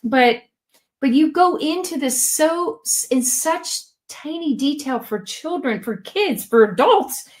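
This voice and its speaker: Middle-aged lady hosting a podcast chat, kinda high voice, gushing and emotional. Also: slow pace. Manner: effusive, emotional, lively. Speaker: podcast co-host. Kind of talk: casual interview chat.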